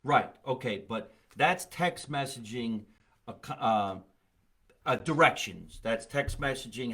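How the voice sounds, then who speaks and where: A man's voice: medium pitch, lively intonation, measured pace, fairly bright tone, breathy edge. A man hosting a comedy podcast, talking in a blunt, profane, rambling way in casual chat. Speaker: podcast host.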